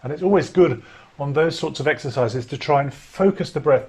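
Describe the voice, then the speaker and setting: A man coaching singers through a vocal warm-up, giving clear instructions and demonstrating breaths and lip trills. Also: on the high side, brisk. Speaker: choir director. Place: home during lockdown.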